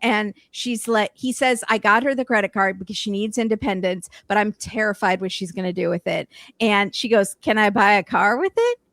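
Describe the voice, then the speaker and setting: A woman's voice: mid-range voice, moderate pace, few pauses, a bit bright, no echo, clean studio sound. A woman guest on a podcast, chatting casually about a reality show and quoting the cast. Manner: chatty, quotes people with laughs. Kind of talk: casual chat recapping reality TV.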